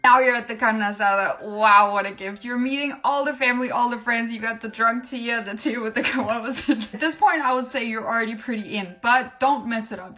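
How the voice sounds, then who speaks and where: Giggly woman with a higher voice. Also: fairly bright tone. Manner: playful, giggly, breaks into laughter. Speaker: language-tips creator. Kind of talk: comedic language tutorial.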